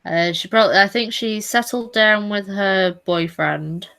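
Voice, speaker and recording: A young woman in her late twenties with an ordinary mid-range pitch, chatting casually and breaking into giggles often. She talks in an easy, relaxed way. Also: unhurried. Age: 20s. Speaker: artist. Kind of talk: casual voice chat.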